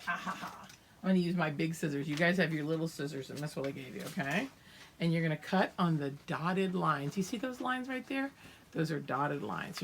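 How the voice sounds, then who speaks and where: With slight background noise behind her, an older preschool teacher uses a fairly low voice to teach young children their letters remotely. She takes her time, patiently sounding out each letter and its sound.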